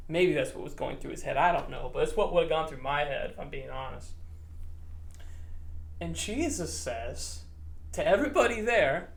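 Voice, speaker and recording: A male pastor giving a children's Bible lesson, telling the story in a playful, animated way and acting out the characters. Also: on the high side, normal speed. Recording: roomy echo.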